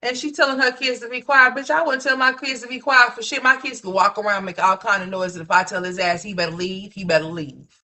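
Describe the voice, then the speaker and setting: A woman's voice: a little high, steady tone, fast, few pauses, bright, forceful tone. A woman doing casual live commentary as a streamer, blunt and profane, scolding the person she is reacting to. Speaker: livestream commentator. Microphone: streaming mic.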